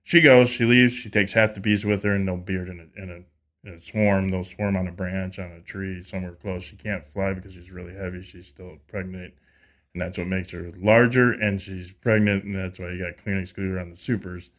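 A man with a somewhat low voice tells a story in a relaxed, conversational way. He slips into lively voices for quoted dialogue and often restarts or repeats words as he goes. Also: fairly quick. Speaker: podcast guest, beekeeper.

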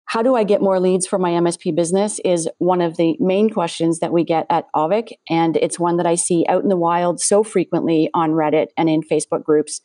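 Canadian lady podcast host, chatty and upbeat, lowish voice. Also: a little fast, few pauses, dark tone, no echo, clean studio sound. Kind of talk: podcast interview.

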